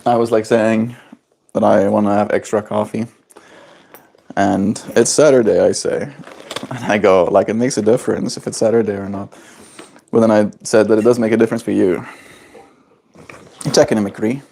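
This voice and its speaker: A man's voice: fairly low pitch, fairly even intonation, normal speed, vocal fry, pauses often, mellow, a little hiss or hum. A man hosting a daily livestream, chatting in a playful, rambling, jokey way. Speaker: livestream host. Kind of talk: casual livestream chat.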